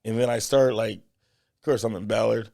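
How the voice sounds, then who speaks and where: A man co-hosting a podcast, telling an animated story with acted-out quotes in a casual voice. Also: fairly low pitch, moderate pace, gravelly. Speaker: podcast co-host. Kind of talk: casual chat.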